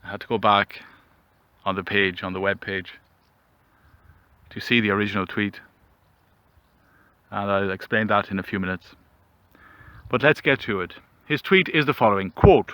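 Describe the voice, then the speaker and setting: Mock-solemn man, low bright voice. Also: dry recording. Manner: mock-solemn, rambling, theatrical pauses. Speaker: commentary vlogger. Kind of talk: mock-dramatic comedic monologue. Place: outdoors.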